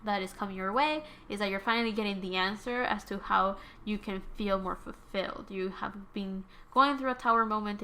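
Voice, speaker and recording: A woman's voice: mid-range voice, creaky, sharp tone. A woman whose first language is Spanish, giving a casual tarot reading. She rambles, corrects herself and uses many fillers. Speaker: tarot reader.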